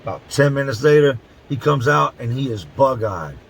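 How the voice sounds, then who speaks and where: A man's voice: mid-range voice, animated, moderate pace, vocal fry, slightly rough, poor audio. A middle-aged man from Philadelphia telling a prison story in blunt, profane street talk, stretching words for emphasis. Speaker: channel host telling prison stories. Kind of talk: casual storytelling to camera.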